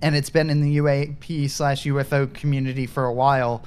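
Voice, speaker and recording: Man, gaming streamer, casual commentary, rambling, mid-pitched voice. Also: flat delivery, brisk, darkish tone, clean tone. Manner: rambling, thinks aloud, trails off mid-thought. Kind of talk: casual gameplay commentary with friends.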